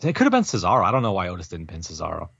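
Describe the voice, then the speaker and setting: A man with a low, husky voice gives dry, wry play-by-play in a casual podcast chat. The sound is dry and muffled, with a lo-fi edge. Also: wildly swooping pitch, rapid-fire, fairly bright tone, dry recording. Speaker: podcast co-host. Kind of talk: casual wrestling recap chat. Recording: dull, dry lo-fi mic.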